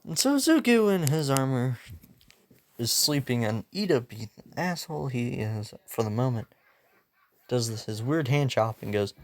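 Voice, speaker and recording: A man's voice: medium pitch, big pitch swings, normal speed. A young man casually telling a fan-made story, rambling and slangy, laughing at his own jokes.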